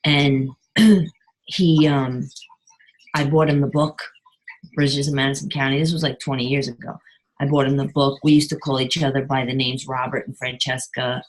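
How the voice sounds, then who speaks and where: On a group video call, a middle-aged woman with a very deep voice shares something personal, speaking haltingly and often clearing her throat. The call audio is poor.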